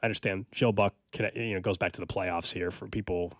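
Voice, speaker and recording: A man's voice: sits low, steady tone, brisk, no room sound. A man hosting a sports radio show, easygoing in casual banter and reading out listener texts into a studio microphone.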